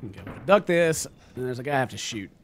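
A man giving live commentary over his gameplay, excitable and self-mocking, often laughing at himself. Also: medium pitch, racing, slight background noise. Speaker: gameplay streamer.

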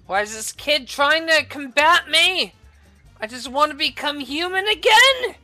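A woman yelling and swearing at a video game as she plays, bursting into furious shouts. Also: high-pitched, very animated, measured pace, faint music behind. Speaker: gaming video creator. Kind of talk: angry gameplay commentary.

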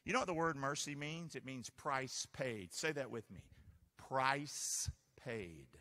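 A man's voice: medium pitch, measured pace. A man pastor preaching a sermon, full of call-and-response questions aimed at the congregation. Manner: animated call-and-response preaching, asks the crowd to answer. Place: church sanctuary. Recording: long church reverb.

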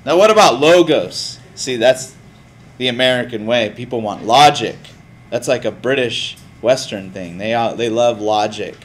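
A man teaching a class in a lively, casual way, often putting questions to the students. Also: mid-range voice, moderate pace, slight background noise. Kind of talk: classroom lecture.

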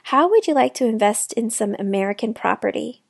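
A woman's voice: on the high side, lively intonation, a little fast, vocal fry, husky, no echo, studio quality, heavily acted. A woman reading aloud, voicing a proud, worried mother who puts on a cheerful front. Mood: coaxing. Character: proud, anxious immigrant mother.

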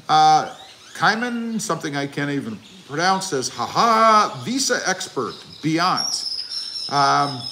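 A man's voice: fairly high pitch, pushed and bright, a little hiss or hum. A man hosting a casual livestream, reading viewer comments aloud and answering them with jokes. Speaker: livestream host.

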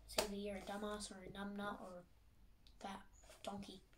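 A chatty Australian teenage girl rambles about herself while tidying her bedroom, quick and self-mocking, slipping into whispers now and then. Her voice comes from a few steps away from a phone mic. A steady hiss runs under everything. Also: medium pitch, far from the mic. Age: teens. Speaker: vlogger.

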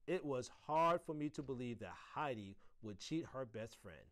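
A man, an assistant principal, reading a children's chapter book aloud with expressive storytelling. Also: mid-range voice, normal speed.

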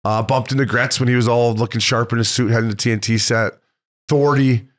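A man's voice: medium pitch, brisk. A man in his thirties, a former hockey player co-hosting a podcast, telling stories in casual chat with plenty of swearing. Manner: swearing, animated retelling of encounters.

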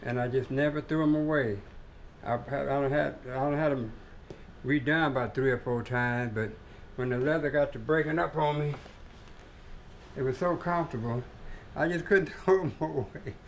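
A man's voice: mid-range voice, normal speed, creaky, a little hiss or hum. An older man telling his life story in a casual, colloquial interview and acting out the voices of people he quotes. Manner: colloquial, laid-back, acts out quoted voices. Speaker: interviewee, cowboy.

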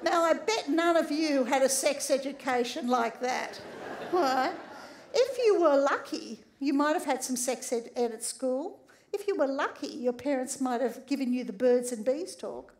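Speaking at a measured pace, a high-voiced, middle-aged sex therapist addresses a room in a funny public talk. She's a lively storyteller who frequently checks in with the audience, often tagging her lines with "all right?".

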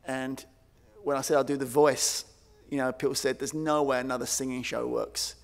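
A man giving a conference keynote, telling stories in an animated way and acting out quoted voices. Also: medium pitch, moderate pace, vocal fry. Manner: animated, acts out quoted voices, many fillers. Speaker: keynote speaker. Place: large conference hall. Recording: long hall reverb.

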